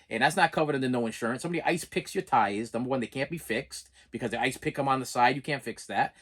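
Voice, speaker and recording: A middle-aged man at a mid-range pitch tells his own story in a long monologue. He rambles, circles back, and says the same phrase twice before moving on. His manner stays blunt and emphatic throughout. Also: fairly bright tone. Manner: rambling, repeats phrases and restarts often; plain-spoken, emphatic. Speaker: channel host.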